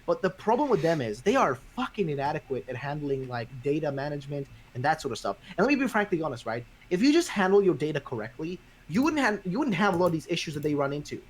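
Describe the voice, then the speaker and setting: A man's voice: on the high side, quick pace, few pauses, slight background noise. A man hosting a podcast in casual chat, ranting with lots of swearing. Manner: profane, ranting, animated. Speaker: podcast host.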